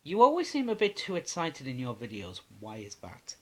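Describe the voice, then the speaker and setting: A man's voice: medium pitch, huge pitch swings, normal speed. A young man answering viewer questions in a casual vlog, rambling and swearing with lots of "um"s. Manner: rambling, sweary, many fillers.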